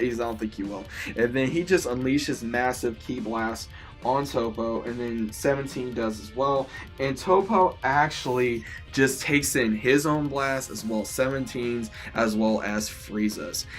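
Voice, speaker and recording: A young man casually retelling an episode as its reviewer, enthusiastic, rambling, with many restarts and constant "he says". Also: mid-range voice. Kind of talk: casual recap.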